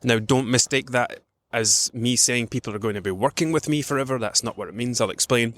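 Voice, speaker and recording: A man's voice: medium pitch, brisk, a bit bright, dry recording. A man hosting a nutrition podcast, talking in a casual rambling way with many ums while out on a morning walk. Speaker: podcast host, nutrition coach.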